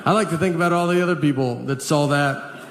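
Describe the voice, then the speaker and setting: A man with a Southern US accent doing a stand-up comedy set, telling stories in a slow, deadpan way with trailing pauses. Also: fairly high pitch. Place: comedy stage with live audience. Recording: noisy live audience recording.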